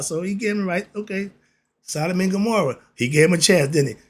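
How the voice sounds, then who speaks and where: A man with a high, expressive voice hosts his own religious commentary, emphatic and preachy in tone. He reads passages slowly, then riffs on them.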